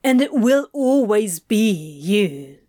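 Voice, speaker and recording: A woman's voice: a little high, big pitch swings, slow, warm tone, no room sound, studio quality. A woman voicing a blunt, lovesick man who speaks earnestly and pleads.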